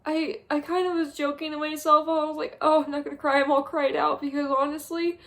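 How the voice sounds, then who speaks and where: A young woman talks to her camera from a small spare room, her voice high and wavering as she holds back tears. She sounds drained and numb, stopping and restarting as she speaks. Her delivery is halting and heavy. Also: little pitch movement, a bit bright. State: on the verge of tears. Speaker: vlogger. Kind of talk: tearful monthly review vlog.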